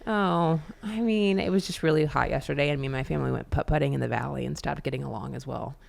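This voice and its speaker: A woman's voice: deep voice, quick pace, vocal fry. A woman co-hosting a podcast in casual chat, with wry joking asides. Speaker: podcast co-host.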